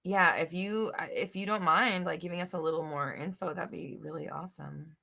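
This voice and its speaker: A young woman hosting a live chat, reading viewer questions and answering bluntly, with swearing and bursts of loud exasperation. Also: fairly even intonation, a little fast, vocal fry. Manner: blunt, swears, swings between low murmur and loud exasperation.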